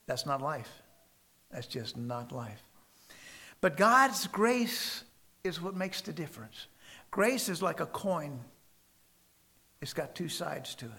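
A man preaching a sermon and telling stories emphatically, with sudden loud stresses and soft drops. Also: fairly high pitch.

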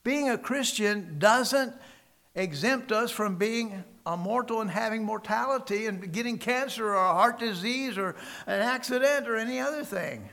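A man preaching a sermon and telling stories emphatically, with sudden loud stresses and soft drops. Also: sits high, moderate pace, creaky.

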